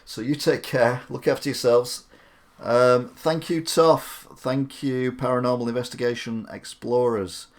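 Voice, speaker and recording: A man's voice: mid-range voice, steady tone, a little slow. A man hosting a live stream, giving chatty, opinionated commentary with rambling asides.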